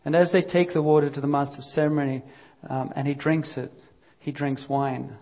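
A man gives a conversational sermon and lets his voice rise and fall as he acts out the lines of the story. His voice sits somewhat high. The recording sounds muffled and lo-fi. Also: brisk. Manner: lively, conversational storytelling with acted-out quotes. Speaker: preacher.

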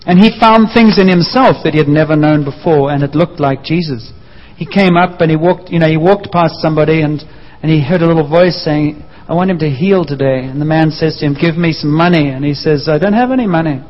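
A man preaching a sermon, telling a story with lively acted-out voices. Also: on the high side, brisk, hardly any pauses. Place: church hall. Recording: dull sound with long hall reverb.

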